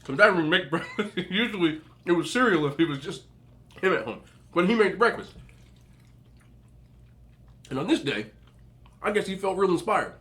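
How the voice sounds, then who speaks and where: A man's voice: high-pitched, lively intonation, moderate pace, pauses often, bright, forceful tone. A young adult man telling chatty stories as a mukbang vlogger, eating and talking with his mouth full. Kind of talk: casual storytelling while eating.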